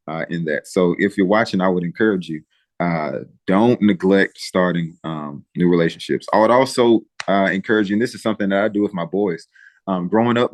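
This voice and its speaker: A man with a very low voice talks as an interview guest, recorded dry and close. He speaks with emotion and stops often to restart his sentences. He urges listeners on the way a preacher would. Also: no echo. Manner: emotional, halting, with frequent pauses and restarts. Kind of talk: earnest interview talk.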